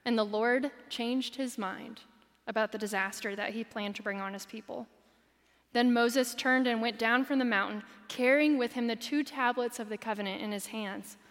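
Animated woman preaching in a hall. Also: a little high. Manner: animated, dramatic reading of scripture. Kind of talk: sermon.

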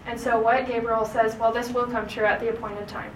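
A woman's voice: a little high, little pitch movement, a little fast, slight background noise. A woman teaching a casual Bible class, chatty, often asking "right?". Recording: echoey room recorded from a distance.

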